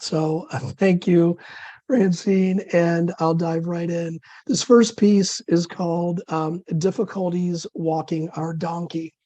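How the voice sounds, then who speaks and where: A man with a scratchy voice from dysphonia, reading his own absurd flash fiction in a dry, deadpan way over a video call. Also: on the high side, no room sound.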